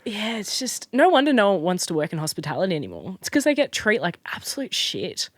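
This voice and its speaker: A young Australian woman in casual chat as a podcast guest, telling stories in an animated way with plenty of fillers and restarts. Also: medium pitch, fast talker, no echo. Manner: chatty, animated storyteller with frequent fillers and restarts.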